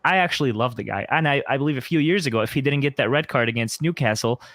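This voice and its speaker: A man's voice: mid-range voice, fast talker, fairly bright tone, no room sound. A man co-hosting a podcast who speaks up emphatically, with strong opinions, in a casual football chat. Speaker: podcast co-host.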